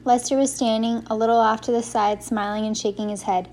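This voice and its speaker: A woman reading a first-person story aloud as an audiobook narrator, giving the characters lively voices. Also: fairly high pitch, fairly quick.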